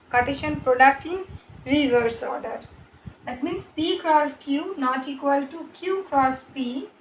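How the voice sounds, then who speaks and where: Indian woman, math teacher; high voice, unhurried, echoey room with faint hiss. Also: highs cut off. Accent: Indian English. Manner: slow, repeats and rephrases points. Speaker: maths teacher. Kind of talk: explaining math on a board.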